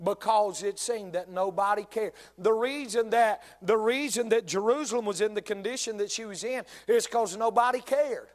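A man's voice: high-pitched, normal speed, hardly any pauses. A male pastor with a North Carolina Southern accent, preaching a sermon and speaking straight to his congregation, repeating key lines for emphasis.

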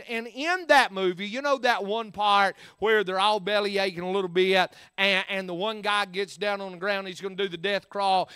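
Preacher man, high-pitched and bright, emphatic sermon, lots of uhs. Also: smooth, no room sound. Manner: emphatic, repeats phrases, many fillers.

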